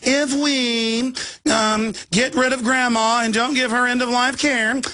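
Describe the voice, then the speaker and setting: A man putting on a mocking impression of a smug, simpering nerdy billionaire, with a thin, whiny voice and drawn-out hesitant fillers. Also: very high voice, fairly even intonation, bright, forceful tone, voice pushed up, exaggerated voice. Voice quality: thin, whiny, nasal mockery.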